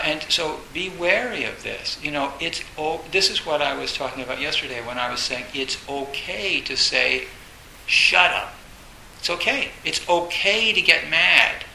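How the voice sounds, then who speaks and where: A man gives a dharma talk in an echoey room with a faint hiss behind him. His voice is bright and a little gravelly, set somewhat high. He rambles and repeats himself, filling gaps with "uh" and "you know". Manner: rambling, repeats phrases, many fillers; acts out inner voices, bursts loud. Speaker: Zen teacher.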